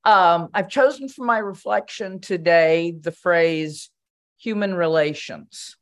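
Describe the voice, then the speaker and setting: An older woman with a somewhat low voice shares a reflection at a commission meeting. She tells it as a relaxed story, with fillers and small restarts along the way. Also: slow. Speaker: commission member.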